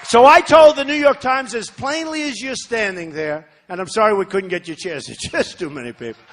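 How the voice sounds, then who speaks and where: An older man delivers a campaign rally speech in a voice that sits fairly high for a man. He hammers points home by repeating phrases and breaks off into chatty asides to the crowd. His speaking stays conversational even as he drives his points hard. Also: moderate pace, a little hiss or hum. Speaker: political candidate. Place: large rally venue.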